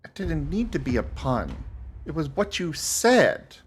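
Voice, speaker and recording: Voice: mid-range voice, very animated, measured pace, husky. A streamer chatting and joking with friends while playing a strategy game. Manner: joking, reactive. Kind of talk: casual gaming chat.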